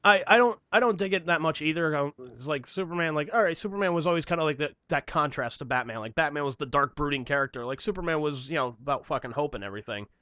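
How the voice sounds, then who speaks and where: A man's voice: a little high, lively intonation, quick pace, few pauses, bright, forceful tone, no echo. A young man co-hosting a casual podcast chat, swearing freely and acting out the people in his stories. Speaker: podcast co-host. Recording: dull lo-fi podcast mic.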